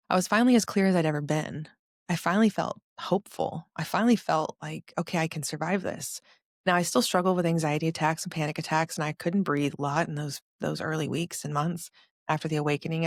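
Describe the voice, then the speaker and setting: Woman around forty, podcast host, earnest confessional testimony; low voice, dry close sound. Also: no room sound. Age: about 40. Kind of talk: personal testimony storytelling.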